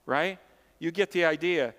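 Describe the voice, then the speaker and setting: A man's voice: a little high, a little slow, fairly bright tone. A man preaching a sermon as pastor, emphatic and conversational, repeating key points and tossing asides to the congregation. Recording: long hall reverb.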